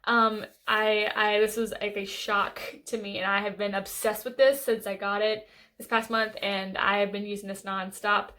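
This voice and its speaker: A woman's voice: medium pitch, level tone, moderate pace, sharp tone. A young woman beauty vlogger chatting casually and gushing enthusiastically about her favorite makeup. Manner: gushing, enthusiastic, lots of fillers and restarts.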